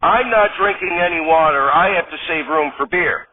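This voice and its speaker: A man voicing an indignant suburban husband who talks in a drawn-out way. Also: a little high, pitched above the performer's own voice, natural voice. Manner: indignant, then drawn-out and dazed. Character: exasperated suburban husband, male, adult. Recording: tinny phone-like sound.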